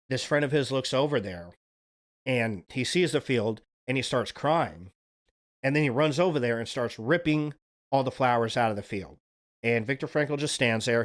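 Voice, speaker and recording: A man hosting a livestream, talking in a casual, earnest, rambling monologue and swearing now and then. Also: mid-range voice. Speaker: livestream host.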